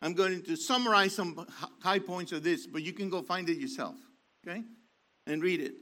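Reading a sermon from an online article, this man repeats key phrases with emphasis and restarts many times. His voice sits high and bright, with a forceful tone and a normal speed.

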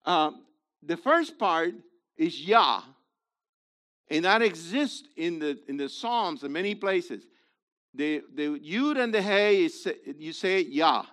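A man with a high, bright voice leads an informal Bible study. He talks unhurriedly and explains things in a halting way, pausing to check in with his listeners. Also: animated. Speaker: Bible class teacher.

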